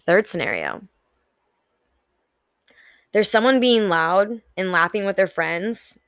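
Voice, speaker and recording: A woman's voice: medium pitch, takes it slowly, pauses often, fairly bright tone, smooth, no room sound, clean studio sound. Frank, swearing young woman podcaster. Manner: frank, swears casually, acts out her own inner voice. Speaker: podcast host. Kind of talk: casual solo podcast talk.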